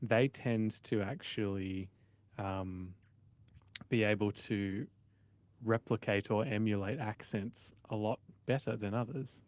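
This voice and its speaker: Male co-host, lowish voice, casual storyteller, dry close mic. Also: steady tone, takes it slowly, a little mellow, dry recording. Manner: rambling, storytelling with fillers. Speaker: radio co-host. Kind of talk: casual radio chat.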